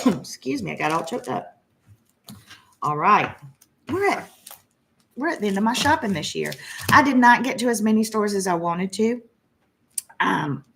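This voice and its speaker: A woman's voice: mid-range voice, fairly bright tone, slight background noise. A middle-aged woman, chatting casually and gushing as she shows off her cross-stitch haul. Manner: chatty and gushing, many fillers. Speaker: flosstube host. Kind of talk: casual chat showing cross-stitch purchases.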